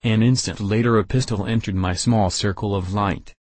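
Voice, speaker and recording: A man narrating a first-person audiobook in a measured, steady way. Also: on the low side, dry recording.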